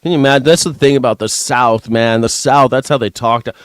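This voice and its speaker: A man's voice: mid-range voice, a little fast, dry recording, clean studio sound. A man hosting a live news reaction stream, talking sarcastically and with plenty of profanity as he mocks the footage and thanks members. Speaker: news reaction show host.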